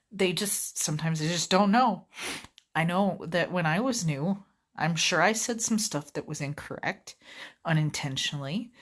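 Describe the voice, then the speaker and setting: A woman's voice: low-pitched, fairly bright tone. Chatty woman ranting about work. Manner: chatty, rambling, easily sidetracked. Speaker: vlogger, customer service rep. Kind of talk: casual vlog rant.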